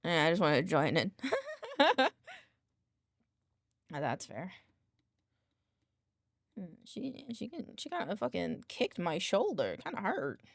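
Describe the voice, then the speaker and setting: A woman's voice: on the low side, very animated, slow, gravelly, pauses often, dry recording, studio quality. A woman streaming from her home desk, chatting casually and playfully teasing, cooing baby talk at her cat. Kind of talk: casual live-stream chat.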